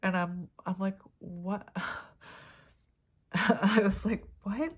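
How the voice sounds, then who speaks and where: A woman's voice: medium pitch, fairly even intonation, drawn-out words. A woman giving a tarot reading to camera, chatty and rambling, with many fillers and side stories. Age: adult parent. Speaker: tarot reader.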